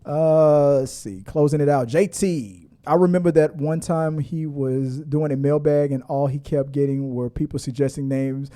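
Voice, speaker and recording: A man's voice: fairly high pitch, moderate pace, hardly any pauses. A middle-aged man hosting a casual live stream, laughing often and reading viewer comments aloud. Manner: laughing, animated, reads chat comments aloud.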